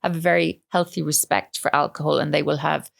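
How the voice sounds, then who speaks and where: A woman in her fifties with a Cork Irish accent, chatting as a podcast guest, laughing often and acting out quick quotes. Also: sits low, little pitch movement, creaky, no room sound. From Ireland. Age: 50s. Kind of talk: casual chat.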